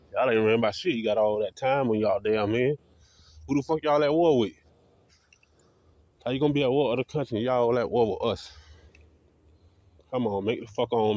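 A man's voice: medium pitch, muffled recording. Profane, defiant man ranting. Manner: profane, defiant, repetitive street talk. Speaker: video blogger. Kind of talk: ranting monologue to camera.

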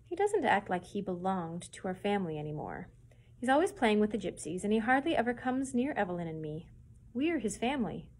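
A woman's voice: medium pitch, very animated, fairly quick, a little mellow. A woman reading aloud and voicing a worried, bossy young girl in a storybook, her lines earnest and scolding.

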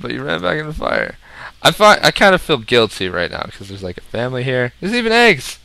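A young man casually commenting on his own gameplay, rambling and joking, with sudden loud outbursts. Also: mid-range voice, big pitch swings, a little fast, gravelly, smooth, no room sound. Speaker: gaming video host.

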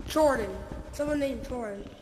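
A woman's voice: high-pitched, moderate pace, darkish tone, roomy sound, long reverb tail, slight background noise, rough recording. A woman playing in the group, chatting casually and giving the others orders. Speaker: fellow player. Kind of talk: casual gameplay chat.

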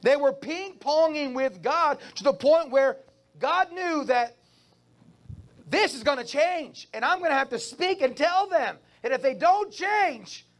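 A man with a notably high voice delivers a sermon at an unhurried pace. He repeats phrases for effect and calls out to the congregation, drawing answers back from the pews. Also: animated. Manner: repetitive preaching with call-and-response to the congregation. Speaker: pastor. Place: church service.

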